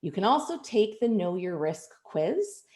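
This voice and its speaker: A woman's voice: mid-range voice, sing-song, a little slow, darkish tone. A woman moderating an online webinar over a video call, upbeat as she thanks people and reads out announcements. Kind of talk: hosting a webinar. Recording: echoey room.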